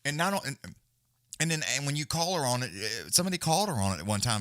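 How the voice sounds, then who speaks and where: Male streamer, casual and profane, very lively delivery, dry close sound. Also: medium pitch, fast talker, no room sound. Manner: rambling, profane, animated. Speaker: livestream host. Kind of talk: casual live-stream chat.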